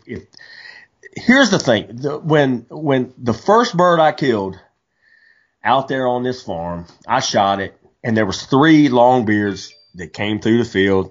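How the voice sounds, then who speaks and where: A man co-hosting a casual hunting podcast, telling stories animatedly with many restarts. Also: lowish voice. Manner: animated storyteller, frequent restarts. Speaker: podcast co-host. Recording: dull lo-fi podcast audio.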